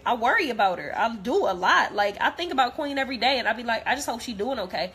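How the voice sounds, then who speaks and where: Bright-voiced young woman, heated blunt rant. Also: a little high, animated, quick pace. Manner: blunt, repetitive, heated, profane. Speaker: vlogger. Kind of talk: direct-to-camera rant.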